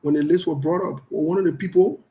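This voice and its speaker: A man as a radio host with a fairly high voice. He talks defiantly and passionately, driving his points home by repeating them, in the style of opinionated radio commentary. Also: fairly even intonation, fast talker, dark tone, rough recording. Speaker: radio talk show host.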